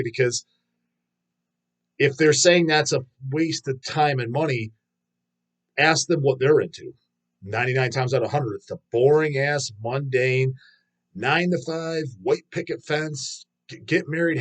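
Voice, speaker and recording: A man rants bluntly through viewer comments. His talk is loaded with swearing and has the loose, unscripted feel of a casual live stream. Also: mid-range voice. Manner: profane, ranting, blunt. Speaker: host reading viewer comments.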